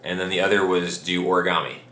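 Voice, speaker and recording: A man's voice: sits low, quick pace. A man co-host chatting casually, rambling with lots of "like" and "uh". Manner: relaxed rambling with fillers and restarts. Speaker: vlog co-host. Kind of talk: casual chat. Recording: echoey room, faint noise.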